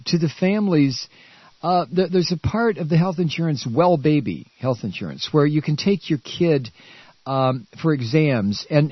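A man's voice: on the high side, slightly rough, no room sound, highs cut off. Stammering man in an angry radio rant. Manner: angry, stammering, shouting outbursts. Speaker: radio talk host. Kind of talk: political rant.

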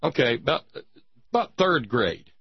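A man's voice: mid-range voice, big pitch swings, unhurried, vocal fry, slightly rough, no echo, muffled recording. A man hosting a satirical talk show, delivering a mock-preacher monologue in a folksy, sarcastic drawl.

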